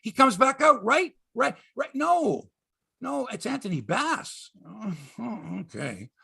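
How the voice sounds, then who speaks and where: Exasperated ranting man, gravelly and lively. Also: slow pace. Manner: exasperated, emphatic, swings from loud outbursts to low mutters; swears for emphasis. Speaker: sports podcast host. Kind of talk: ranting sports commentary monologue.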